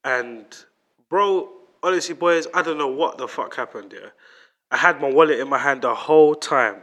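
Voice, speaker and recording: A man's voice: mid-range voice, normal speed, a bit bright. A young man with a London accent telling a rambling story to friends in casual, slangy talk full of swearing. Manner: slangy, swears freely, loose rambling delivery.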